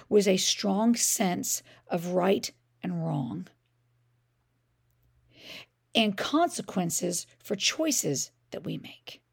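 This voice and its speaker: Podcast host, middle-aged woman: gravelly vocal fry, mid pitch, relaxed conversational storyteller. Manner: conversational, frequent "I mean" and "like". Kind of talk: personal storytelling.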